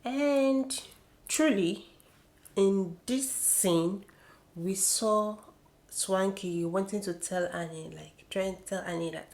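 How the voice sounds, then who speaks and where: A woman's voice: mid-range voice, takes it slowly. A young woman vlogging about a reality show in an opinionated, gossipy chat. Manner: chatty, opinionated, animated gossiping. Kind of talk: casual chat.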